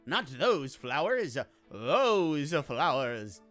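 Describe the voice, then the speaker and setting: A cocky young mercenary gushes and leers, brash and excitable, as a woman puts him on. His voice bounces up and down in pitch, like a video game character read aloud. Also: a little slow, soft background music.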